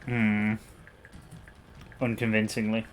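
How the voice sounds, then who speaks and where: A man's voice: lowish voice, completely flat delivery, slow, slight background noise. A man co-hosting a game stream, making dry, understated remarks in casual chat.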